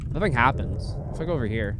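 A man hosting a casual let's-play, excitable, stammering and laughing often. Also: medium pitch, quick pace. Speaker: gaming channel host. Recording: noisy background.

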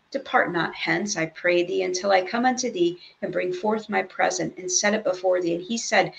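Gravelly-voiced woman leading a Bible study. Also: medium pitch, a bit bright, low-quality recording. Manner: reads scripture aloud, then explains it in chatty asides. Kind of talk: casual Bible study teaching.

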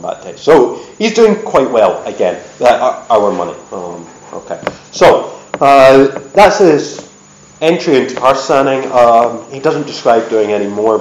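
Brief: male presenter, mid-pitched, casual story-driven lecture, roomy hall sound. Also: a little hiss or hum. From United States. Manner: lively storyteller, chatty with many ums. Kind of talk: storytelling history talk. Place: event hall. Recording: echoey hall.

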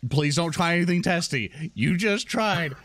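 Lively, theatrical male player. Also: fairly high pitch, normal speed. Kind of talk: tabletop role-play.

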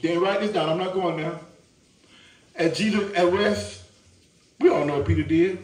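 A male preacher with a high, darkish voice delivers a sermon at normal speed, repeating himself and asking for agreement. He is recorded from far off in an echoing church.

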